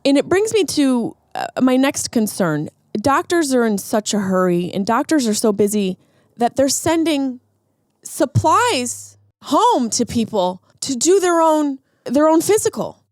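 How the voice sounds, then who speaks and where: A woman's voice: high voice, a little slow, no room sound. Woman comedian ranting, dry close sound. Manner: animated, ranting, rhetorical questions. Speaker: podcast host. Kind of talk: comedic monologue.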